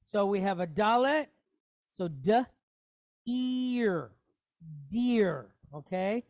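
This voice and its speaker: Slow, patient woman teaching. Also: medium pitch, lively intonation, a little mellow, dry recording, studio quality. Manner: patient step-by-step explaining, asks the class questions. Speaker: Hebrew teacher. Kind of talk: classroom lesson.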